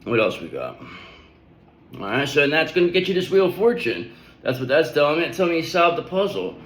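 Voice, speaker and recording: A man's voice: fairly high pitch, very animated, a little fast, fairly bright tone. Echoey-voiced rambling spiritual man. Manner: loose, rambling, slangy with frequent "okay?". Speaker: tarot reader. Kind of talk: casual spiritual tarot reading.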